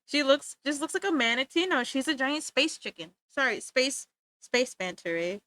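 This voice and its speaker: A woman's voice: sits high, very animated, moderate pace, fairly bright tone, dry recording. A woman streaming live while she draws, chatting casually and playfully, giggling and making exaggerated complaints.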